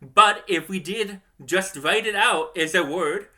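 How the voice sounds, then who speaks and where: Male educator, bright and slightly high, speaks in a reflective, questioning way. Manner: thoughtful, asks the listener questions, says example phrases aloud slowly. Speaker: language educator. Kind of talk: explanatory video lesson.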